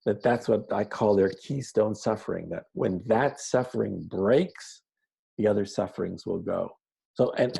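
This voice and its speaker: Male interview guest, low husky gravelly voice, mellow tone, earnest storyteller. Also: low-quality recording. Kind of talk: conversational interview.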